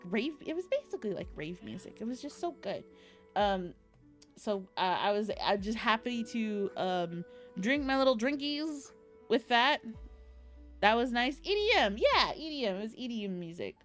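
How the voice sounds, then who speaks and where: A young woman streamer chatting casually in a bubbly, rambling way, with giggles and cutesy baby talk. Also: medium pitch. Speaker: streamer recapping an event. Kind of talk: casual chat.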